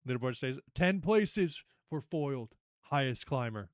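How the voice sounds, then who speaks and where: A young man hosting a casual online trivia night, chatty and animated as he reads out questions and reacts to the players. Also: mid-range voice, measured pace, clean tone, dry recording, clean studio sound. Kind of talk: casual livestream quiz hosting.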